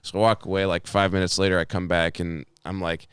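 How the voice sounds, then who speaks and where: Young male podcast co-host, very low voice, clear dry sound, rambling and profane. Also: fairly even intonation, fast talker, few pauses, dry recording. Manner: rambling storyteller, swears a lot. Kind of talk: casual chat.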